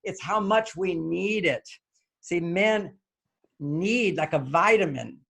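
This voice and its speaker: A man's voice: sits high, takes it slowly, vocal fry, breathy edge. An older man, a guest author in an interview, explaining his ideas and acting out little dialogues as he goes. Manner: animated, acts out little dialogues. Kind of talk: interview conversation.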